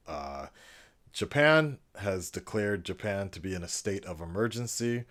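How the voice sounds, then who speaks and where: A man's voice: fairly low pitch, very animated, moderate pace. A man talking frankly in a casual vlog, rambling with frequent fillers. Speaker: vlogger and teacher.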